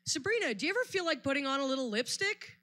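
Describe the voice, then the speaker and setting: A woman's voice: high-pitched, animated, fast talker, sharp tone, voice pushed up. A woman comedian voicing her fussy, nagging older mother in a raised, prim tone. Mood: coaxing.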